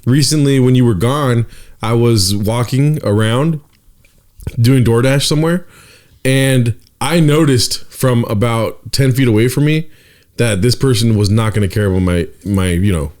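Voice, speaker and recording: A man's voice: mid-range voice, a little slow, darkish tone. Young man joking and teasing casually. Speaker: podcast co-host. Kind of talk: casual chat.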